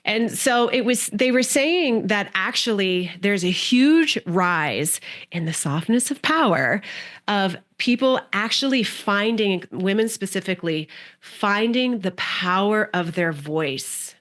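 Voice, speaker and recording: A woman's voice: mid-range voice, expressive, takes it slowly, a bit bright. A woman guest on a podcast, talking in a flowing, spiritual way about inner work as a creative coach. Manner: flowing, spiritual, dreamy phrasing. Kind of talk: podcast conversation.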